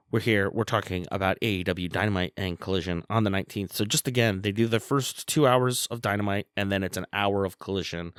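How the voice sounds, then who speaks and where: A man co-hosting a podcast, giving a brisk play-by-play recap of matches with small fillers. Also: fairly low pitch, a bit bright, clean tone, no room sound, clean studio sound. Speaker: podcast co-host.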